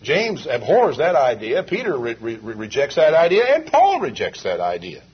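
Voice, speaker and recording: Husky male preacher, lively delivery. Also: mid-range voice, normal speed. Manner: emphatic, asks rhetorical questions. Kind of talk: sermon. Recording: dull lo-fi 1980s sermon tape.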